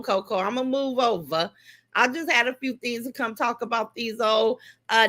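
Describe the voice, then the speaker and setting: A woman's voice: a little high, sharp tone. A middle-aged woman, hosting a casual livestream, sassy and greeting viewers by name. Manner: sassy, greets viewers by name, calls them "y'all" and "baby". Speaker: livestream host. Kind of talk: casual live-stream commentary.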